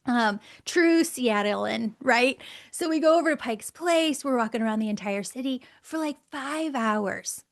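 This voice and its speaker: A middle-aged woman, a guest on the show, telling a personal story in a lively way, laughing often and acting out the voices she quotes. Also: fairly high pitch, unhurried, hardly any pauses. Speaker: guest, angel communicator.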